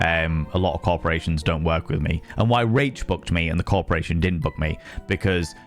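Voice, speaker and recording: A low-voiced man speaks a little fast over soft background music while chatting casually on his livestream. He streams and does some voice acting, and his talk is a profane, emphatic rant full of repeated phrases and mid-sentence restarts.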